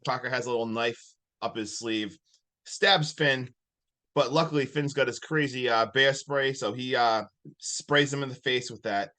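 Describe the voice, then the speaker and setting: A man co-hosting a podcast, recapping a movie plot in a casual, animated way. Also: mid-range voice, moderate pace. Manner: animated storytelling, laughing often. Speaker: podcast co-host.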